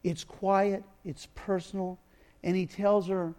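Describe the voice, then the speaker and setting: A man with a notably high-pitched voice delivers a sermon as a lively storyteller. He acts out the people in the story, going from loud, emphatic bursts to quiet, intimate asides. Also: unhurried. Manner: dramatic storytelling, acting out biblical dialogue with swings from loud to hushed. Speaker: preacher.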